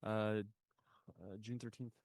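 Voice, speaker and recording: This young man has a lowish voice and a laid-back drawl, recorded dry and close. He chats casually and comments on the markets, often letting his sentences trail off quietly. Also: fairly even intonation, slow, vocal fry, no room sound. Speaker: co-host of a live trading stream.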